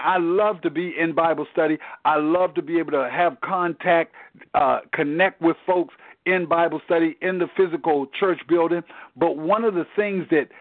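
A man's voice: sits high, no echo. A man teaching a Bible study over the telephone, preaching earnestly and often repeating words as he restarts a thought. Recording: tinny dry phone line.

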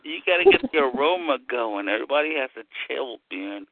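A man's voice: mid-range voice, huge pitch swings, a little fast, vocal fry, no room sound, narrow, tinny audio. A man chatting on an online group call, rambling and joking with the others. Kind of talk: casual group chat.

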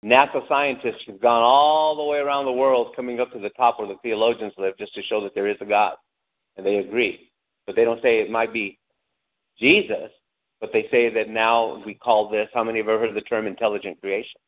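A man preaching a sermon with lively delivery, asking the congregation questions and acting out angry cries. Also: fairly low pitch, fairly quick. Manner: animated preaching, calls out to the congregation, acts out angry shouts. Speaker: pastor. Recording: tinny phone-like lo-fi sound.

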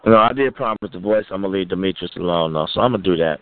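A man hosting a call-in show, trading crude taunts and repeating insults loudly. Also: deep voice, rapid-fire, a little hiss or hum. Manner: loud, taunting, repetitive insults. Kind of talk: crude trash-talking call-in banter. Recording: phone-like lo-fi line, dry.

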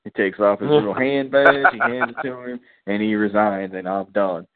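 A man with a lowish voice speaks at a normal pace, co-hosting a podcast in a laid-back way as he recaps episodes and acts out characters' lines in slang. The tinny, phone-like line carries no echo.

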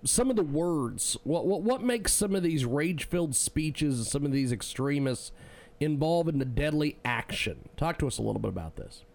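Male interview host, enthusiastic, gravelly voice, animated delivery. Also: on the high side, moderate pace. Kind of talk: casual interview talk.

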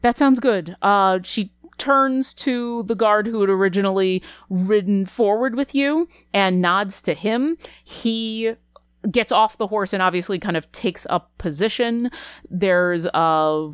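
A woman's voice: mid-range voice, unhurried, clean tone, dry recording. Woman game master narrating, dry sound. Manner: descriptive, asks players what they do.

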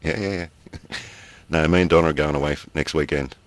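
An Australian man with a remarkably deep, low voice, rambling through casual podcast chat. The sound is dry and close to the mic, with him chuckling now and then. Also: moderate pace, no room sound. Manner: rambling, chuckles between stories. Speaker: podcast co-host.

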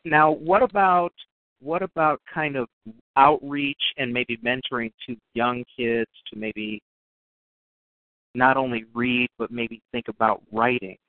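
A man's voice: mid-range voice, dry recording. Man, radio host, casual interview, stumbling repeats, phone-line audio. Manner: halting, repeats words while framing questions. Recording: tinny phone line, dry.

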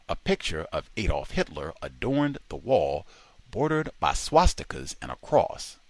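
A man reading a nonfiction book aloud in a dramatic, expressive way. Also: low voice, no echo. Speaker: audiobook reader.

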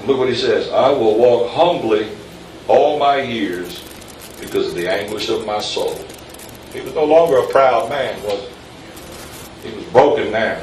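A man's voice: mid-range voice, animated, measured pace, pauses often, darkish tone. A pastor in mid-sermon, talking casually and then building to emphatic peaks, throwing questions out to the pews. He is picked up from some distance in an echoey room, with a faint hum of ambience behind him. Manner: conversational, rising to emphatic peaks, quizzing the congregation.

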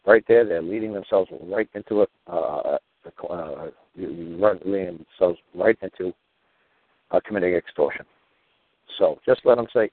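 Combative low-voiced man on tinny radio. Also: quick pace, no echo. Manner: combative, rhetorical questioning. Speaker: show host. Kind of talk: talk radio monologue. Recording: tinny phone-like radio audio.

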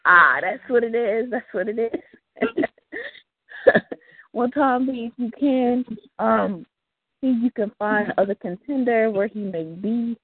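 A woman's voice: on the high side, slow pace, long pauses, breathy edge, dry recording. A woman hosting a casual live call-in radio show, upbeat and laughing often, using loose slang. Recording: tinny phone-like call audio.

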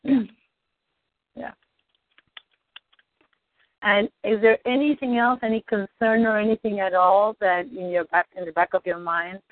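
A woman coaching a client through a tapping session, asking gentle, probing questions. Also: mid-range voice, fairly even intonation, a little slow, pauses often, no echo. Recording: dry tinny phone-like line.

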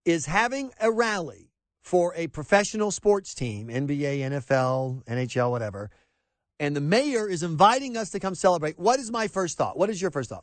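A man hosting a talk radio show, excitable and exasperated, stammering and restarting as he talks in a studio. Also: fairly high pitch, normal speed, no echo.

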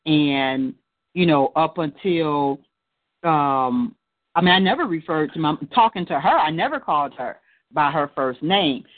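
A woman's voice: low voice, expressive, a little slow. Reflective woman on a tinny line. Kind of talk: casual chat. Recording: tinny phone-like sound.

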